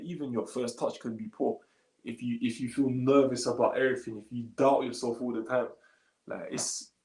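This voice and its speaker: Guy on a livestream, kinda tired, mid pitched gravelly voice, chill slang. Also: reverberant, poor audio. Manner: relaxed slangy talk, reads comments aloud. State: a little tired. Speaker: streamer answering chat. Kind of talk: casual live stream chat.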